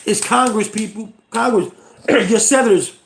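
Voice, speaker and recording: A middle-aged man from the United States rants about politics to his viewers. His voice sits high for a man and has a gravelly rasp. He talks bluntly, sounds exasperated and swears freely. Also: measured pace, reverberant, a little hiss or hum. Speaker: channel host. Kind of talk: political rant to camera.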